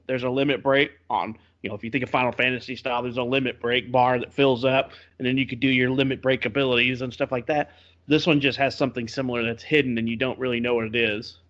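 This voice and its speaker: Man, podcast co-host; chatty and animated in casual game talk; slightly muffled lo-fi sound. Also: medium pitch. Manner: chatty, animated storytelling with laughs. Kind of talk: casual game review chat. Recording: slightly dull lo-fi audio.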